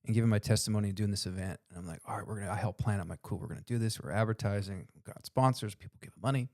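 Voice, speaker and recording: An earnest man with a lowish voice, chatting on a faith-driven podcast. He keeps tossing in "dude" and "man" as he talks. The sound is dry and close to the mic. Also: very fast, darkish tone, no echo. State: tearful while telling a story. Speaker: podcast co-host. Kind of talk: casual podcast conversation.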